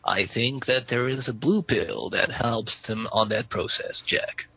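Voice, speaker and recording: Husky, bright-voiced deadpan caller man. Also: medium pitch, measured pace, no room sound, low-quality recording. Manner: deadpan, crude joking. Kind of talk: call-in radio banter.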